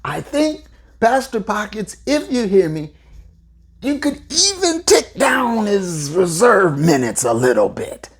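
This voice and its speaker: A woman's voice: mid-range voice, takes it slowly. A woman hosting a solo basketball talk show, giving emphatic, playful commentary. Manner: emphatic, animated, playful asides. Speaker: podcast host.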